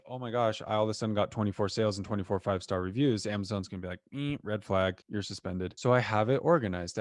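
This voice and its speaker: A man's voice: fairly low pitch, gravelly, darkish tone, no echo, studio quality. A man from the United States coaching students on a live group call, casual and chatty, full of "like" and "right?". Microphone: video call.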